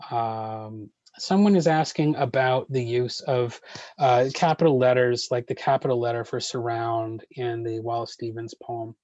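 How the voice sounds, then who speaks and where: A man leading an online poetry workshop, answering questions in a measured way with frequent ums and uhs. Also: mid-range voice, fairly even intonation, darkish tone, no room sound, dull audio.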